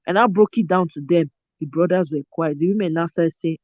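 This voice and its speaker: A Nigerian-accented woman hosting a casual chat, animated and expressive, slipping into pidgin phrases. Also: on the low side, brisk, dry recording. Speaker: show host. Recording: dull lo-fi dry sound.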